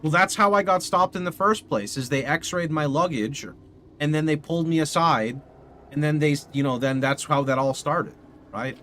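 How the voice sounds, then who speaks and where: A young man streaming from his home setup, telling a rambling, animated story to his live chat and swearing casually into a studio mic. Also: fairly high pitch, moderate pace, slight background noise. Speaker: video game streamer. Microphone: condenser studio mic.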